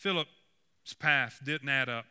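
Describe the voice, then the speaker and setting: A man's voice: medium pitch, takes it slowly, pushed and bright, clear, resonant tone. A man preaching a sermon as pastor, earnest and building to emphatic points.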